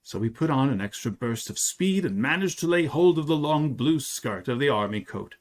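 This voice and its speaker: A man reading a 19th-century story aloud, telling it in an expressive, dramatic way. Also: mid-range voice, normal speed. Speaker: reader.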